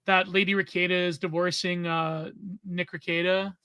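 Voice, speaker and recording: High, bright-voiced man in casual chat. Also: flat delivery, normal speed, smooth, dry recording. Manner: chatty, trailing off, lots of likes and filler. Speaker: podcast co-host.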